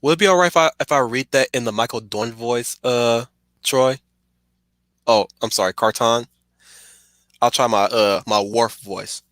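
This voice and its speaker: A man streaming casual, digressive commentary; he gets excited, laughs often and apologizes for getting sidetracked. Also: medium pitch, moderate pace, pauses often, no echo.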